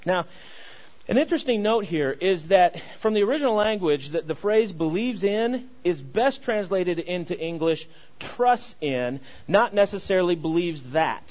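A man's voice: high-pitched, expressive, moderate pace, darkish tone, rough recording. A young adult male pastor giving a sermon, repeating key phrases and leading the congregation in call and response, with frequent stammers and restarts.

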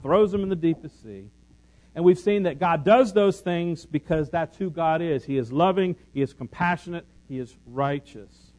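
A man preaching a sermon, moving between loud emphatic declarations and soft conversational teaching. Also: fairly high pitch. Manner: shifts from loud scripture and sung lines to soft conversational teaching; lively, emphatic preaching with repetition and humor. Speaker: pastor.

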